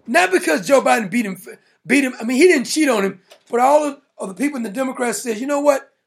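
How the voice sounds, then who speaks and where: A man's voice: extremely high pitch, animated, fast, creaky, husky. A man hosting a political talk show, ranting in an emphatic, mocking, blunt way. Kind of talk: opinionated political rant.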